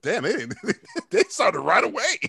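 A man's voice: high-pitched, huge pitch swings, a little slow, creaky, bright, forceful tone, breathy edge. A man co-hosting a podcast, playful and swearing as he jokes through a movie commentary. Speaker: podcast co-host. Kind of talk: casual movie commentary banter.

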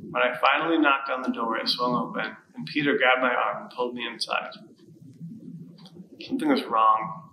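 A man's voice: medium pitch, pushed and bright, roomy sound, a little hiss or hum, rough recording. A man playing the grieving, bitter disciple Thomas in a dramatic first-person monologue during a worship service. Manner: bitter and sarcastic. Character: grief-stricken, bitter, doubting male disciple Thomas. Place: church sanctuary.

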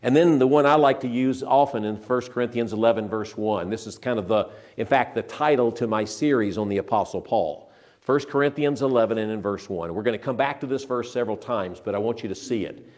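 An older man preaching a sermon, earnest and emphatic, who slows down to stress scripture and often repeats and restarts his phrases. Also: mid-range voice, a little mellow.

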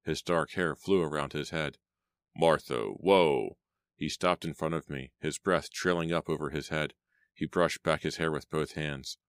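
A man narrating an audiobook in a steady, measured reading style. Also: extremely low pitch, no echo. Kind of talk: scripted storybook narration.

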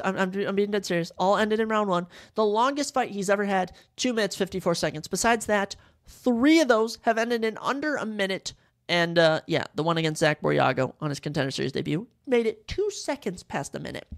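A man's voice: fairly high pitch, gravelly. A young man hosting a sports podcast, breaking down fights with hype and repeating lines for emphasis. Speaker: podcast host.

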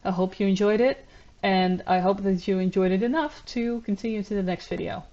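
A woman commentating on a video, talking in a measured, reflective way with frequent ums and uhs. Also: mid-range voice, fairly even intonation, dark tone, highs cut off. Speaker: YouTube commentator. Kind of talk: analytical commentary.

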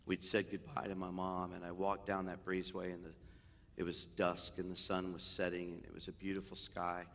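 A man, a senior pastor, preaching a sermon in a church, telling stories with humor and moving between loud animated bursts and hushed, tender moments. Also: sits low, a little fast, slight background noise. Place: church sanctuary. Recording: long hall reverb in a church.

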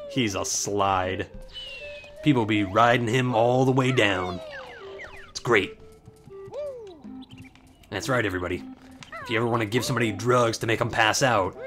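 A man with a lowish, fairly bright voice does casual let's play commentary. He jokes around, stays irreverent, and curses freely while playing.

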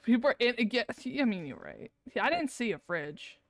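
A woman's voice: on the high side, big pitch swings, fairly quick, no echo, clean studio sound. A woman streaming a game live, ranting and swearing in exasperation, with lots of laughter. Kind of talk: live gameplay commentary.

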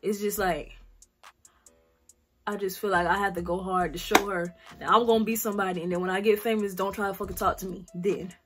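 A woman's voice: mid-range voice, steady tone, a little fast, over music. A young woman in her late teens with a South Carolina accent, answering Q&A questions in a blunt, slangy vlog where she swears freely. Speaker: vlogger. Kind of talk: casual Q&A vlog.

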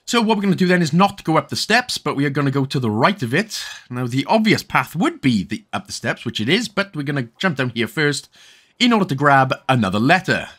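Lively Welsh man narrating gameplay. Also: fairly high pitch, a little fast. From Wales. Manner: rambling, jokey, self-correcting. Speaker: game walkthrough host. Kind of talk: casual gameplay commentary.

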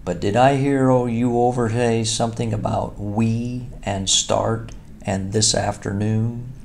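A man's voice: lowish voice, fairly even intonation, a little slow, vocal fry, a little mellow, slight background noise, voice pushed up. A man voicing a wary, stubborn male water rat in a storybook reading, with a dry, dogged manner. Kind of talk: storybook character voice.

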